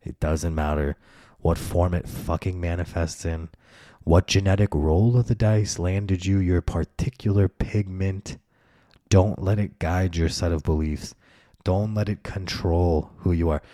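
A man's voice: deep voice, fairly even intonation, a little slow, warm tone, no room sound, studio quality. A man hosting a solo podcast, ranting in a profane, sardonic way and mocking the voices of people he dislikes. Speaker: podcast host. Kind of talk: solo comedic rant.

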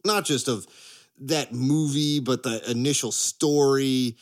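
A man co-hosting a casual podcast chat, excitable and prone to rants, laughing often. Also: mid-range voice, takes it slowly. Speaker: podcast co-host.

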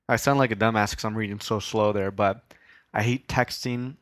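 A man's voice: lowish voice, steady tone, normal speed, no echo, studio quality. A young man hosting a solo podcast in a casual, rambling, self-deprecating way, swearing now and then. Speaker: podcast host.

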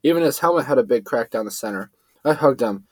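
A man's voice: quick pace, no room sound, poor audio. A man tells a first-person adventure story in a dry, close-up recording. His voice sits in a middle register and rises when he voices the characters. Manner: lively, shifts pitch up for quoted characters. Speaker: narrator.

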